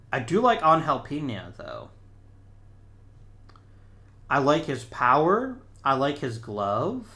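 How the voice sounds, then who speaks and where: Bright-voiced man narrating his gameplay. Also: mid-range voice. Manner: thinks aloud, talks to players on screen. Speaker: gaming channel host. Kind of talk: casual let's-play commentary.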